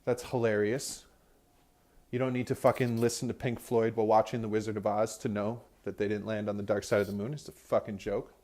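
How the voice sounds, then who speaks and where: A man's voice: fairly low pitch, little pitch movement, a little fast, a little mellow. A young man hosting a podcast, ranting in a rambling casual monologue, swearing constantly, recorded in a car while driving. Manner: profane, ranting, heavy swearing. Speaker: podcast host.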